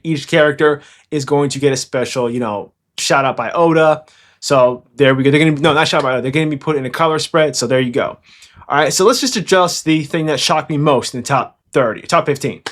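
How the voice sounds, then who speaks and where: A fast, excitable young man rambles casually through his fan commentary, and his voice sits a little higher than most men's. He jumps from point to point with eager energy. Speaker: anime commentary channel host.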